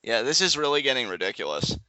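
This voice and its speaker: A young man chatting excitedly as a guest in a live reaction video, laughing often and rambling through restarts. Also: medium pitch, quick pace, no room sound, dull audio. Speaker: guest co-commentator. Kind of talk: casual live reaction chat.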